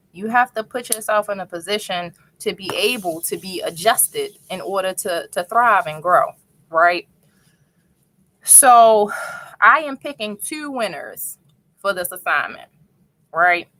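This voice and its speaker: A woman with a Baltimore accent hosting a casual livestream talk show, playful and animated, repeating phrases for emphasis. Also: fairly low pitch, a little slow. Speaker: host and instructor.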